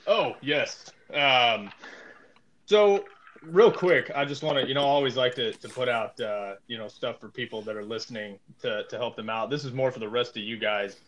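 A man's voice: medium pitch, moderate pace, a bit bright, dull audio. A man co-hosting a podcast, telling a story in a rambling, joking way with many fillers. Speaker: podcast co-host. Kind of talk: casual podcast chat.

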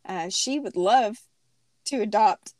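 A woman hosting a casual chat, telling a story in an animated way and laughing often. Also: medium pitch, takes it slowly, dry recording, clean studio sound. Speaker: podcast host.

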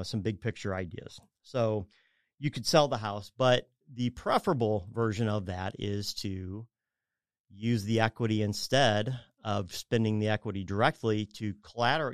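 A mortgage advisor guest on a radio show talks casually about home equity and debt, rambling, correcting himself, and acting out his clients' voices. His fairly low voice is smooth. The recording is dry with clean studio sound.

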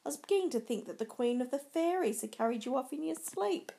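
A woman's voice: sits high, lively intonation, quick pace, gravelly, mellow, a little hiss or hum, voice pushed up. A woman voicing Mercutio, a sarcastic, hot-tempered young swordsman, in a storybook reading. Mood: mocking. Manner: sarcastic and snappish.

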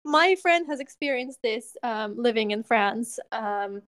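A young woman from Russia hosting a podcast, telling stories in a chatty, animated way with lots of "like". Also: a little high, measured pace, no echo, clean studio sound. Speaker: podcast host. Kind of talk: casual chat.

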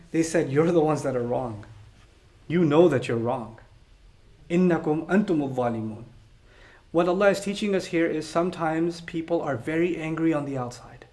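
Male Quran teacher, high pitch, emphatic sermon delivery, rises to loud animated peaks. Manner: emphatic, builds to raised animated outbursts; chants quoted verses quickly. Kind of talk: explanatory sermon.

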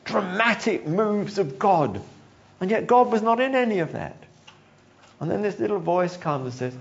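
A man preaches a sermon in a high voice with lively rises and falls. He acts out the story and chuckles as he goes. The recording sounds dull and lo-fi. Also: normal speed, vocal fry. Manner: animated storytelling, acting out quotes, chuckling.

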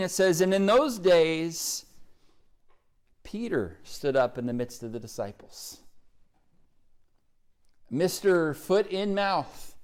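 A pastor with an Oklahoma accent preaching a sermon, earnest and pleading as he reads scripture and calls listeners to decision. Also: fairly high pitch.

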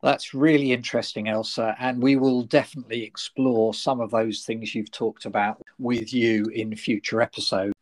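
A man with a southern English accent hosting a podcast interview, talking in a halting way with many fillers and restarts. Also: medium pitch, flat delivery. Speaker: host.

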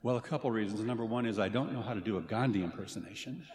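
A man's voice: fairly low pitch, background noise. Man giving a commencement speech in a hall. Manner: earnest and playful, with dramatic pauses. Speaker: faculty commencement speaker. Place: large ceremony hall. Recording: reverberant hall, faint ambience.

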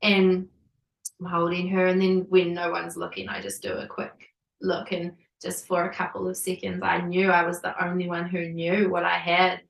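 A woman in her thirties recounts a personal story with animated energy, laughing and saying "like" often. She sits a little back from the microphone. The room around her rings. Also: lowish voice, normal speed, gravelly, echoey room, distant mic, poor audio. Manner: animated, laughing, many likes. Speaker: podcast guest.

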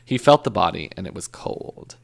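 A man's voice: low-pitched, animated, moderate pace, gravelly. A man co-hosting a casual podcast, telling a true crime story with jokes, swearing and self-corrections. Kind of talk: casual chat.

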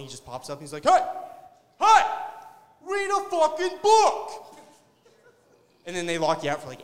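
A man's voice: on the high side, a bit bright. A man doing a crude, rambling stand-up set after a few drinks, talking to the crowd and laughing at his own jokes. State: tipsy. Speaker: stand-up comedian. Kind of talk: open-mic stand-up set. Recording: long hall reverb.

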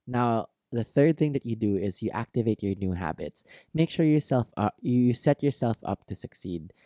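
A man's voice: lowish voice, dark tone, no room sound, clean studio sound. A man hosting a self-help podcast, talking earnestly and encouragingly to his listeners and laughing at himself now and then. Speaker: podcast host. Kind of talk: motivational self-help monologue.

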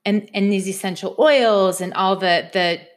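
A woman's voice: medium pitch, a little slow. A young woman telling a personal story in a chatty way, speaking straight to her viewers. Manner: chatty, addresses viewers directly. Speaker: vlogger.

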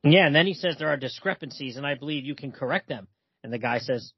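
A man's voice: medium pitch, fast, breathy edge, no echo. A man co-hosting a casual podcast about comic books, reading the dialogue aloud in loosely acted voices. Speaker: podcast co-host. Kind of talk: casual comic book discussion. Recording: dull, lo-fi, dry podcast audio.

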